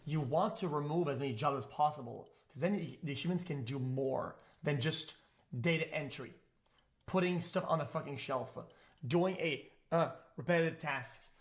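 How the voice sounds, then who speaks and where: A man's voice: fairly high pitch, moderate pace. Profane rambling male streamer. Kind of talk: casual rant to chat.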